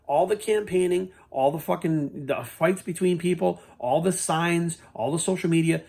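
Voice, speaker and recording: A fitness coach vlogging rants unscripted straight to camera in a fairly high, slightly rough voice. Blunt and heated, he swears freely while lecturing his viewers.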